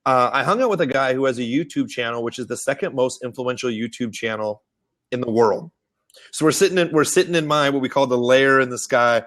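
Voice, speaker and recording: A man hosting a marketing webinar, telling stories in a lively, animated way and acting out the people he quotes. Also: a little fast. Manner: animated storyteller, acts out quotes in high excited voices. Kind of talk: casual webinar talk. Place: Austin.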